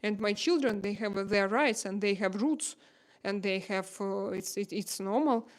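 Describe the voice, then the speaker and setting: A woman in her thirties from Russia, speaking English with a Russian accent as a livestream host, emotional and pleading, halting often to find words. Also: medium pitch. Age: 30s. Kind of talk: casual livestream chat.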